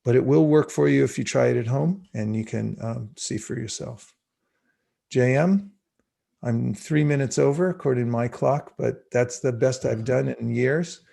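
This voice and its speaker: Leading a spiritual class by video call, a man reflects aloud and chants mantras slowly, inviting listeners to repeat them. He speaks at a medium pitch in a creaky, mellow voice.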